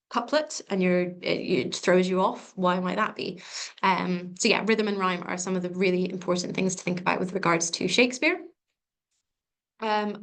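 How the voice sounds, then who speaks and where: A woman giving a live exam revision session, chatty and informal, with frequent ums and self-corrections. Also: mid-range voice. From England. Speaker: revision tutor.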